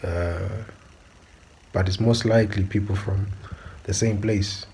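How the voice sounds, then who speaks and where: A man's voice: deep voice, steady tone, measured pace, a little mellow, a little hiss or hum, poor audio. A man, giving opinionated commentary as a channel host and asking his viewers again and again whether they understand. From South Africa. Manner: preachy, repeatedly asks "do you understand?".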